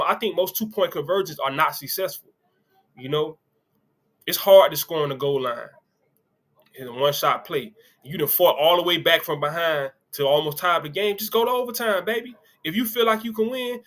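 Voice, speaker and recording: A man hosts a casual sports stream, chatting freely and tossing in side comments. His voice sits a little high and rings bright and forward. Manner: loose, conversational, reads comments aloud with asides. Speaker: sports show host.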